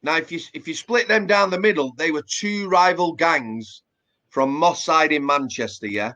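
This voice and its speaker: A man's voice: fairly high pitch, normal speed, sharp tone. A man with a Yorkshire accent, a former prison officer chatting plainly in an interview, full of fillers and restarts. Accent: Yorkshire English. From Yorkshire, England. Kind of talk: casual interview chat.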